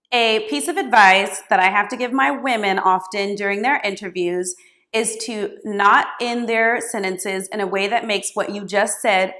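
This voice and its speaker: A woman in her thirties, a career coach giving expressive, hands-on advice straight to camera. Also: medium pitch. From United States. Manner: expressive, gestures a lot while talking.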